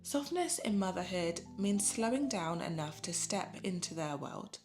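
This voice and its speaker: A mother gives a scripted, reflective voice-over about motherhood, speaking in a gentle, unhurried and soothing way. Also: on the low side, sing-song. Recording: voice-over with music playing underneath.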